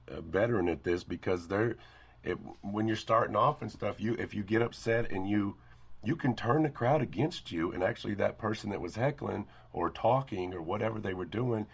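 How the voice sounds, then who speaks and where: A laid-back man with a low, gravelly, slightly husky voice, easing through his thoughts in casual conversation. He drops in a "y'all" as he goes. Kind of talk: casual chat.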